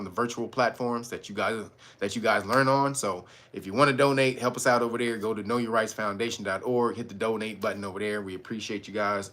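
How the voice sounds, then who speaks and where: Bright-voiced man ranting and laughing. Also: fairly low pitch. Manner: animated, profane, laughing often. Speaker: host. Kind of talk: casual commentary stream.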